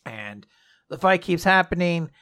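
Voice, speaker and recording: A man casually recapping a story with animated delivery, laughing often and acting out the characters. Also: high-pitched, unhurried.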